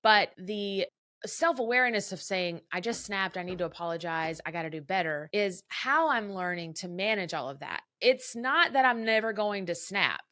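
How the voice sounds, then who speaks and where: A woman in her thirties hosts a casual advice talk, chatty and animated and quick to laugh. Her voice sits in a middle register. The sound is dry and close, with almost no room around it. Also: medium pitch, no room sound. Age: 30s. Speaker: podcast host.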